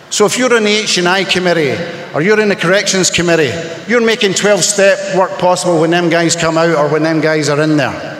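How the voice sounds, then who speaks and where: A man's voice: high-pitched, a bit bright, a little hiss or hum. A Scottish man sharing his recovery story at a convention meeting, humorous and rambling as he tells stories. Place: large hall at a convention. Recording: echoey hall recording.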